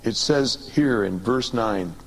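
Man, pastor, preaching, low voice, excited then hushed, faint noise behind. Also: slow pace, poor audio. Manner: animated preaching, swings between loud excited and low quiet; calls on congregation to repeat. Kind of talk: sermon.

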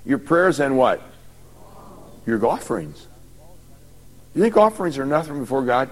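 A man's voice: medium pitch, big pitch swings, moderate pace, pauses often, darkish tone, husky. A man preaching a sermon, retelling scripture in a folksy, conversational way with many asides. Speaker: pastor. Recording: long hall reverb.

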